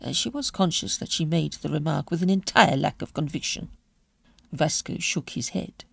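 A woman narrating a classic short story for a podcast in an expressive, measured reading. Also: low voice, gravelly, husky, dry recording. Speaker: audiobook reader.

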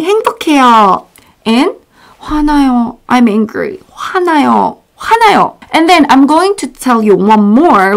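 A woman with a Korean accent, teaching a casual online language lesson, bubbly and repeating words slowly for learners. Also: high voice.

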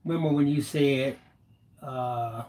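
A man co-hosting a live stream, relaxed and teasing as he reads viewer comments aloud. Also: mid-range voice, takes it slowly. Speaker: co-host reading viewer comments. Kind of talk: casual live-stream banter.

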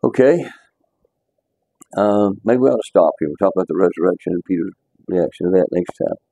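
A man's voice: sits low, a little fast, gravelly, mellow, no room sound. A man teaching a casual Bible class, talking conversationally and repeating words as he restarts his sentences.

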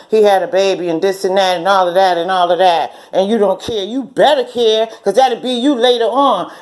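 A woman in her forties telling a story in a casual rant, blunt and profane, often laughing and acting out what people said. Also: a little high. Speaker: channel host.

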